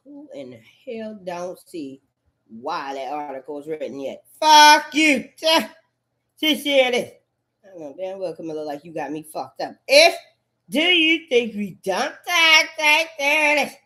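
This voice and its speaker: A woman's voice: fairly low pitch, animated, unhurried, sharp tone. A woman in a rambling, profane monologue, full of cursing and repetitive outbursts.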